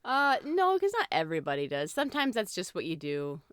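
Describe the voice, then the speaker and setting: A female podcast co-host in casual movie chat, playful and quick to laugh. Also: fairly low pitch, huge pitch swings, clean tone, no echo, studio quality.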